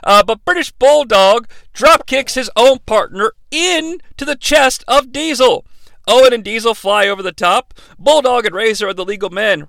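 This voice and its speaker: A man hosting a comedic play-by-play recap, jokey and excitable, now and then bursting into shouted calls. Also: very high voice, gravelly, no echo. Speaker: podcast host recapping wrestling.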